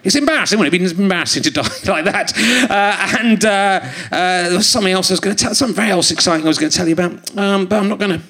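Rambling, self-mocking comedian, bright voice. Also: male voice, sits high, fast, few pauses. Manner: rambling, self-mocking, with many fillers and restarts. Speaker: comedy podcast host. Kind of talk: stand-up style live podcast monologue. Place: theatre stage before a live audience. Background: audience laughter.

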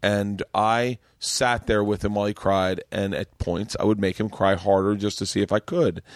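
Comedian guy riffing a story on a podcast, lowish voice, dry close mic. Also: moderate pace, no echo. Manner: profane, animated storyteller. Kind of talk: casual storytelling chat. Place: podcast studio.

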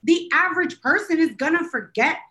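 A woman's voice: extremely high pitch, lively intonation, brisk, bright, forceful tone. A woman co-hosting a podcast in casual chat, rambling through an exasperated, self-deprecating story. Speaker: podcast co-host.

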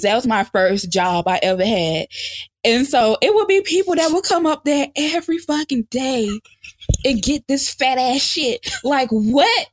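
A young adult woman co-hosting a casual podcast, loud and animated, cursing and laughing often. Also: on the high side, no echo, studio quality. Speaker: podcast co-host.

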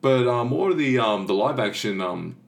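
A man's voice: medium pitch, animated, normal speed, vocal fry. A man hosting a casual podcast, talking enthusiastically and rambling with many fillers. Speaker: podcast host.

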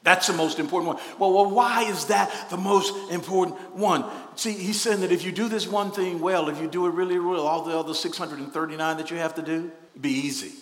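A male pastor preaching a sermon, moving between quiet teaching and loud, spontaneous outbursts of praise, laughing and calling on the congregation to respond. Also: sits high, fairly quick, hardly any pauses. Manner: swings from soft teaching to shouted, spontaneous praise; laughs often and calls out to the congregation. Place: church sanctuary. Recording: echoey hall, long reverb.

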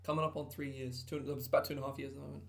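A man's voice: medium pitch, level tone, rapid-fire, creaky. A man co-hosting a casual podcast chat, rambling with lots of fillers and restarts. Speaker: podcast co-host. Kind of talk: casual chat about tabletop game content.

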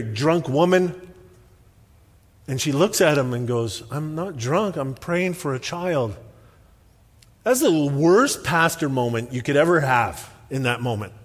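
A man's voice: medium pitch, breathy edge. Man preaching in an echoing church. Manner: conversational, self-deprecating storytelling. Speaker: pastor. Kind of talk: sermon. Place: church sanctuary.

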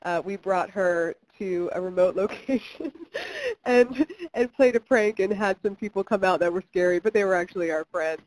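A woman's voice: medium pitch, moderate pace, darkish tone, rough recording. A young woman from Kentucky, a filmmaker guest in an interview, talking chattily with many fillers and restarts. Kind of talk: interview conversation.

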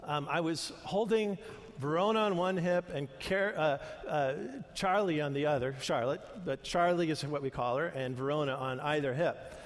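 A man's voice: fairly high pitch, moderate pace. Older male pastor in an echoing hall. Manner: conversational, earnest, with restarts and asides. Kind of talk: sermon. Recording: long reverb of a large hall.

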